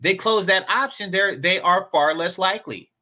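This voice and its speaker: Sarcastic high bright-voiced man commentator. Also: normal speed. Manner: sarcastic, talks back to clips. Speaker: commentary streamer. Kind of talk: casual reaction commentary.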